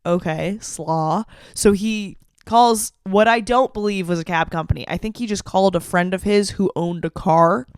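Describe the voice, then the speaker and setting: A young woman in her twenties hosting a comedy podcast, telling a story in an animated, profane and self-mocking way. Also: mid-range voice, moderate pace, few pauses, clear, resonant tone, no echo, studio quality. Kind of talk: storytelling monologue.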